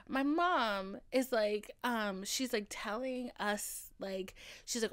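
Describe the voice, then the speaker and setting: A woman in her twenties hosting a podcast, telling personal stories in a casual, animated way with lots of swearing. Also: medium pitch, moderate pace, clean tone. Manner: animated, profane, says "okay?" often. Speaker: podcast host. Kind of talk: casual storytelling monologue.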